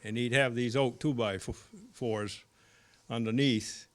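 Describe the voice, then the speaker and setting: An older man with a Maine accent, sharing a story from the audience and explaining in a halting way that repeats words. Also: mid-range voice, fairly even intonation. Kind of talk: casual storytelling. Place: library meeting room.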